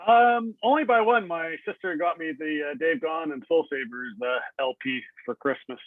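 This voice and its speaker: A man on a podcast panel jokes in brief interjections with a slightly high voice. He comes through a tinny, phone-like line that sounds dry and close. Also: moderate pace, no echo. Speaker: guest panelist. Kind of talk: casual roundtable chat.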